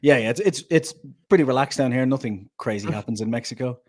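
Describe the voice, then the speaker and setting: A man's voice: mid-range voice, fast talker, darkish tone. A man with an Irish accent, a guest chatting casually on a podcast and telling stories with frequent laughs. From Ireland. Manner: chatty storyteller, laughs often. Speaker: guest, documentary maker.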